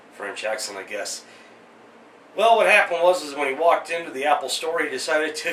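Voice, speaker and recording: A man's voice: mid-range voice, pushed and bright, reverberant, recorded from a distance, slight background noise, poor audio. A man in his thirties hosting a weekly rant, sarcastic and exasperated, with joking asides. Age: 30s. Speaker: vlog host. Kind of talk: ranting commentary.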